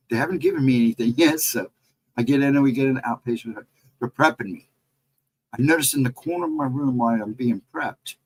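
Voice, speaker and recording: A husky-voiced middle-aged man rambles through a personal ghost encounter on a casual livestream, stopping to greet viewers by name. His pitch swings widely as the story builds. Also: low-quality recording. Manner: rambling, chats with viewers between stories. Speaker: paranormal livestream co-host.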